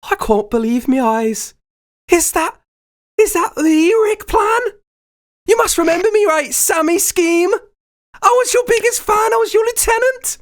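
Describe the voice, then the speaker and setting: Man doing a high-pitched starstruck fanboy, gushing and rapid-fire, tabletop game. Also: expressive. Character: overeager young man, starstruck superfan.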